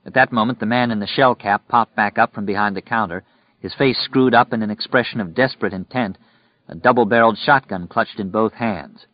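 In this dull, lo-fi audiobook recording, a low-voiced man narrates a grim story from a script with steady, measured pacing. There's no room sound at all.

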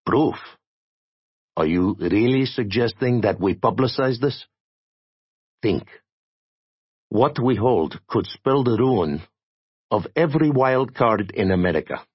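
Man reading as a haughty, highly strung alien lord, raised and formal, audiobook read, dull dry sound. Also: lively intonation, slow, pauses often, breathy edge, no room sound, full character voice. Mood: imperious. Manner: formal, imperious. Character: proud emotional male alien aristocrat.

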